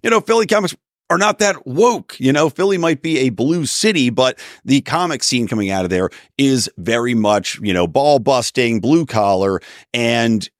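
A man's voice: medium pitch, expressive, moderate pace, dry recording, studio quality. A man, hosting his own podcast as an opinionated solo commentator who rants with wry asides. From Philadelphia area. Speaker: podcast host.

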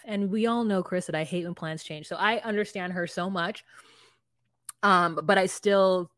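A woman's voice: lowish voice, fairly even intonation, measured pace, fairly bright tone, no echo, studio quality. A woman co-hosting a podcast, chatting casually and retelling scenes by quoting the people in them. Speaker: podcast co-host. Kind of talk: casual recap chat.

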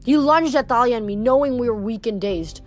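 A woman's voice: fairly high pitch, fairly quick. A woman reading a novel aloud, stumbling and correcting herself now and then. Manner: casual, stumbles and self-corrects. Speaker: reader.

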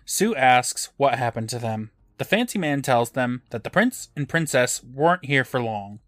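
A man's voice: mid-range voice, expressive, normal speed, fairly bright tone, no room sound. A man co-hosting a podcast, recapping an episode in a dry, matter-of-fact storytelling manner. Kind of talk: casual recap narration.

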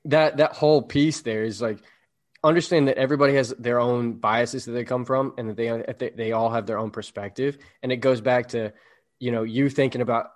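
A man co-hosting a relaxed podcast, rambling and reflective as he works through an idea. His voice sits in an ordinary middle pitch. He sounds easygoing and conversational. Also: brisk. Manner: rambling and reflective, explaining ideas with examples. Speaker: podcast co-host. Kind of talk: casual podcast chat.

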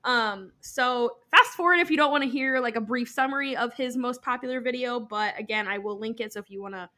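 A young woman co-hosting a podcast, retelling a story in a lively, casual way, swearing freely and acting out the people she quotes. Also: a little high, a little fast. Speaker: podcast co-host.

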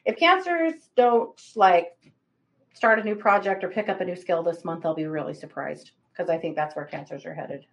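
A woman co-hosting a livestream, giving chatty, animated astrology readings and laughing often. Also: fairly low pitch, moderate pace, creaky, highs cut off. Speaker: psychic reader, co-host.

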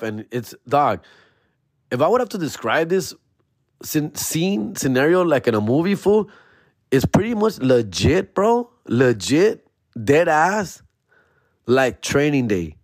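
A man in the middle of his speaking range tells a story on his comedy podcast, loose and slangy, tossing out "fool" and "bro" every few words. His voice jumps up high and excited whenever he acts out his own younger self. It is recorded close and dry, with no room sound. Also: no room sound. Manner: slangy, animated retelling, jumps to high excited voice when quoting himself; peppers speech with "fool", "bro", "dog". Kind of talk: casual storytelling.

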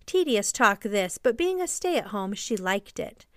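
A woman narrating a classic children's story as a podcast storyteller, gently and evenly paced. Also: mid-range voice, sing-song, unhurried, hardly any pauses, no room sound, studio quality.

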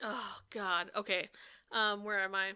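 A woman's voice: medium pitch, a little slow, smooth, dry recording, clean studio sound. A young woman co-hosting a podcast in casual chat, ranting with sarcasm and swearing freely. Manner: sarcastic and profane, animated ranting. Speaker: podcast co-host.

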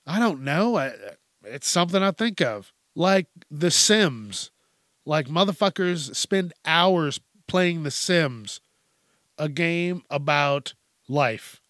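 A man's voice: a little high, lively intonation, slow, a bit bright, no echo, clean studio sound. A middle-aged man hosting a podcast, talking in a blunt, profane, rambling monologue. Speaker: podcast host. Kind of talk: casual monologue.

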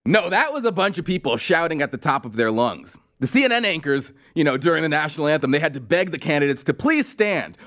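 A man's voice: a little high, sing-song, fast, hardly any pauses, a bit bright. A male podcast host delivering a sarcastic, mocking political commentary monologue with exasperated outbursts.

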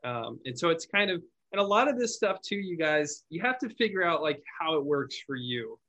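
A man who owns a call center, hosting a podcast and explaining phone sales in a relaxed, chatty way, often restarting his words. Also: a little high, normal speed, poor audio. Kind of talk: casual conversational podcast chat.

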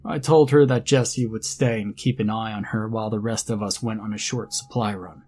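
A man narrating a first-person horror story in a measured, grim storytelling manner. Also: on the low side, fairly even intonation, darkish tone. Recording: faint background music under narration.

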